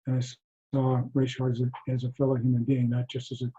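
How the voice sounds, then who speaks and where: A man teaching mindfulness to an online group, speaking softly and haltingly with frequent restarts over a video call. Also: mid-range voice, completely flat delivery. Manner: soft-spoken, halting, many restarts. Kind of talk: reflective talk to an online group. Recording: dull lo-fi video call audio.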